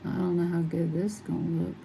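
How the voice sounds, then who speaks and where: A woman's voice: on the low side, flat delivery, quick pace, creaky, dark tone, slight background noise, low-quality recording. A middle-aged woman chatting casually and rambling as she colors, laughing often. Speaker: coloring channel host. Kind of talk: casual chat while coloring.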